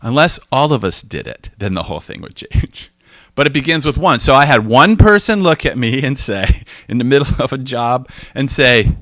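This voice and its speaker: A man from the United States giving an informal, animated talk to a group, telling personal stories and acting out the voices of people he quotes. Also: medium pitch, fairly quick, no echo, studio quality. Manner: animated storytelling, acts out quoted exchanges, frequent restarts. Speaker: speaker.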